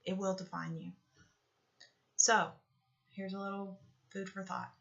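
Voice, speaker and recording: Through a motivational talk mixed with guided meditation, a woman coaches in an earnest, repetitive way, frequently pausing to ask "okay?". She speaks unhurriedly in a mid-range, slightly bright voice with little pitch movement, though the audio sounds dull.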